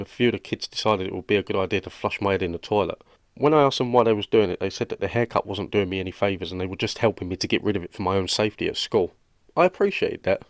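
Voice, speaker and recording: A man doing a fast-talking lonely British roommate. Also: low voice, creaky, no room sound, studio quality. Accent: British English. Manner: earnest, rambling storyteller. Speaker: cartoon character. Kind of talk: animated comedy dialogue.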